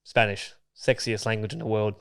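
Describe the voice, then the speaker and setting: A man's voice: on the low side, little pitch movement, moderate pace, gravelly, a bit bright, clear, resonant tone. An Australian man co-hosting a podcast, cocky and insistent in casual chat. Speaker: podcast co-host.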